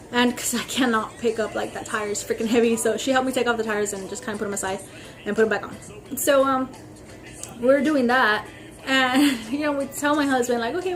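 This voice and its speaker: A young woman ranting casually to her camera as a vlogger, rambling with lots of "like" and "freaking" and acting out the other people in her stories. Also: fairly high pitch. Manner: animated storytelling, acting out others' lines.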